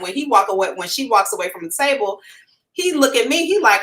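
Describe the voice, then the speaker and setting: A woman hosting a psychic livestream, telling a story to her viewers in a frank, animated way, swearing casually and addressing them directly. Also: mid-range voice, moderate pace, far from the mic, rough recording. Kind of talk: storytelling to a live audience.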